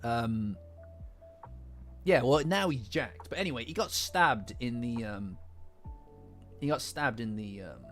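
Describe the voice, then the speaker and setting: A man's voice: mid-range voice, expressive, takes it slowly, long pauses, a bit bright. A man from England with a Midlands accent, recovering from the flu, chatting casually on a live stream and rambling with many restarts and casual swearing. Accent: English Midlands. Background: faint lofi music.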